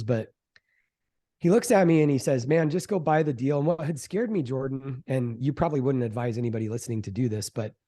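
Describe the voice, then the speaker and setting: In a relaxed interview, a middle-aged man who invests in real estate describes how his first deal came together, his voice sitting in the mid-range. He tells it with energy, slips into the voices of the people he quotes, and leans on "um" and "like."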